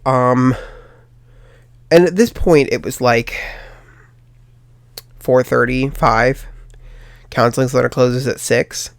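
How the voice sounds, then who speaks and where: A young man recounts a story on his podcast, rambling and full of ums as he replays both sides of the conversation. His voice sits at an ordinary middle pitch. The sound is dry, with no room echo. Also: fairly even intonation, takes it slowly, pauses often. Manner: rambling, many ums, quotes others in dialogue. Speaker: podcast host. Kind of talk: casual storytelling.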